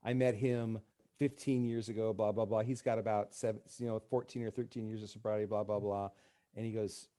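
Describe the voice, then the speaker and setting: A man's voice: medium pitch, dark tone. A man, a counselor, telling stories in a casual radio talk and acting out the dialogue. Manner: storytelling, acts out quoted dialogue. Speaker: counselor guest. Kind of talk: casual podcast conversation.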